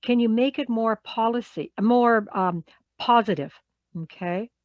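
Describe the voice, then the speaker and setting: A woman leads an online workshop in a slightly high voice and keeps it conversational. She puts questions to her listeners and circles back to her key words. The sound is dull, dry video-call audio. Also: unhurried, dry recording. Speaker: workshop presenter in human resources.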